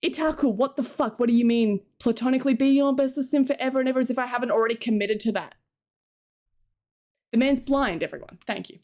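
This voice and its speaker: A woman's voice: a little high, fast, a little mellow. A young adult woman streaming live, chatting casually with her viewers, giggling often and swearing freely as she rambles.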